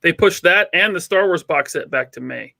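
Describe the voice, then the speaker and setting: A man co-hosting a podcast in casual, excited chat, teasing his friends. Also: a little high, moderate pace, creaky, dry recording. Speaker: podcast co-host.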